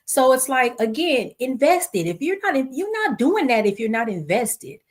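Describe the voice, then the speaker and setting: A woman's voice: very animated, normal speed. A woman hosting her own show, telling a heartfelt personal story in a casual, conversational way, acting out the quotes of others. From Los Angeles area. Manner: conversational, acts out quotes with pitch swings. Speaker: podcast host.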